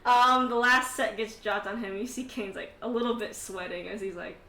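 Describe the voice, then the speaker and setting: A woman's voice: mid-range voice, moderate pace, sharp tone, reverberant. A woman narrating a tabletop game as game master, laughing often and swearing casually between filler words.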